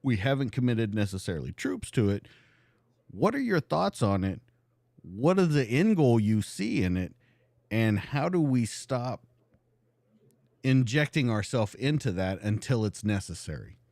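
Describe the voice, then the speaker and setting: Lively low-voiced podcast host, dry sound. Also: male voice, measured pace, vocal fry, no echo. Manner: long, winding questions with restarts. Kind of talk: live podcast interview.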